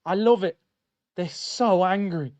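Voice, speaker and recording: A young man hosting a live football watchalong, chatting in slang and getting loud at big moments. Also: high voice, a little slow, no room sound. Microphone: streaming mic.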